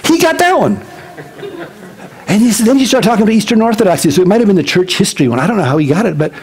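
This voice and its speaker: A pastor giving a casual, chatty sermon, telling personal stories in an animated way and laughing along the way. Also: male voice, high-pitched, very fast, slightly rough, poor audio.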